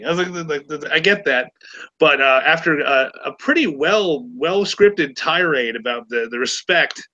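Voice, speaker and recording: A man's voice: on the high side, lively intonation, normal speed, pushed and bright, rough recording. A man in his forties, hosting a podcast, telling stories with sarcasm and plenty of stammered restarts. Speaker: podcast host. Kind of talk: casual chat.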